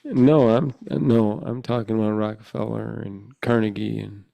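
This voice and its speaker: A man's voice: lowish voice, steady tone, normal speed, vocal fry, warm tone, no room sound. A man co-hosting a podcast in casual chat, joking and agreeable, with frequent short affirmations. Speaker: podcast co-host.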